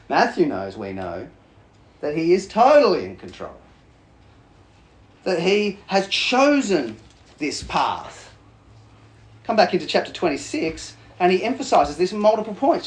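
A fairly high-voiced man delivering a sermon in a loose, conversational style. His delivery swings widely in pitch as he jokes, questions the room and reads scripture. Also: moderate pace. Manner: conversational, animated, jokes with congregation. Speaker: pastor.

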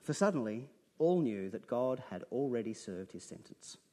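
A man's voice: mid-range voice, big pitch swings, moderate pace, dark tone. A man preaching a sermon, earnest and conversational, breaking from dramatic readings into plain asides to his listeners.

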